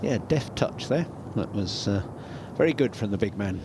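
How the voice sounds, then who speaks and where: A man giving relaxed, easygoing analysis as a golf co-commentator. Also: lowish voice, moderate pace. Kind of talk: broadcast sports commentary. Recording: noisy commentary feed.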